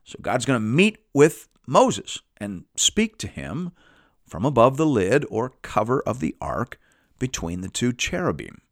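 A man teaching a Bible study, reading scripture aloud and explaining it in a measured way with lively emphasis. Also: mid-range voice, creaky, no echo, clean studio sound.

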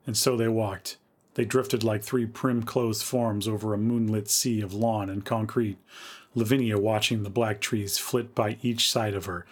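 A man narrating a spooky story in a measured, atmospheric way. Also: fairly low pitch. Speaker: podcast host reading a story.

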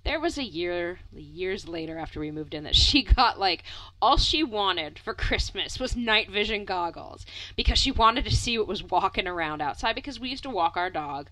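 Lively young woman telling a story. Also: on the low side, moderate pace, dry recording, low-quality recording. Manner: animated, many "like" fillers, swears, laughs often. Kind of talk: casual storytelling chat.

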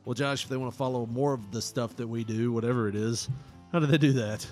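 A man's voice: mid-range voice, steady tone, quick pace, darkish tone, faint music behind. A man co-hosting a casual comedy podcast, joking crudely and laughing often. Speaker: podcast co-host.

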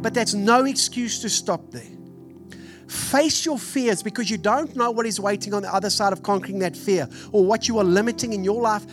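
A man in his forties with a Texan accent, preaching a sermon in an animated, storytelling way. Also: high-pitched. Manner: animated storytelling, acts out family voices. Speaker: pastor. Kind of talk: sermon with personal stories.

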